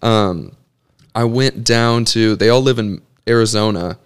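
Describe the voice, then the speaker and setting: Smooth-voiced young man telling a story. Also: fairly low pitch, unhurried. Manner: rambling, storytelling. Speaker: podcast co-host. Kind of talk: casual chat.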